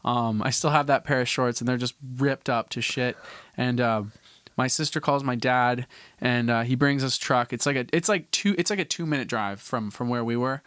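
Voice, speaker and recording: On his podcast, a young Canadian host spins a story, doubling back and restarting sentences with offhand curses. His mid-range voice is smooth, clean and fairly bright, moving at a moderate clip, captured up close and dry without any room echo.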